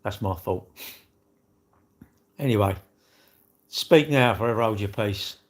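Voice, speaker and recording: Low-voiced and slow, a man hosts a casual livestream chat. He rambles on, cracks self-mocking jokes, and drops asides to greet his viewers.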